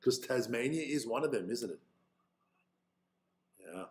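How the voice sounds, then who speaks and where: A man's voice: medium pitch, lively intonation, measured pace. A man with a South African accent, chatting casually on a live stream while he watches rugby, thinking aloud and swearing freely. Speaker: live-stream host reacting to a rugby match.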